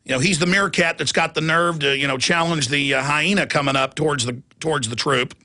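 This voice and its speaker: A man's voice: a little high, steady tone, a little fast, pushed and bright. A man hosting a live talk radio show, delivering an impassioned, mocking monologue. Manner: impassioned, mocking, mimics opponents' laughter.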